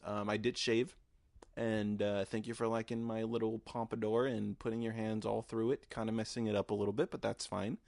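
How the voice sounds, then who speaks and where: Brief: young male podcaster, low voice, dry close mic, rambling and profane with lots of "uh" and "like". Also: flat delivery, fairly quick, vocal fry, darkish tone, no echo. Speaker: podcast host. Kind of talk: casual storytelling monologue.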